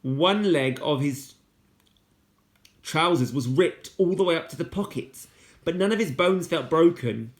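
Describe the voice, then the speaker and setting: Man, storybook read-aloud, steady, somewhat high voice. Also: measured pace. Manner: steady, casual asides at slips. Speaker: teacher reading aloud.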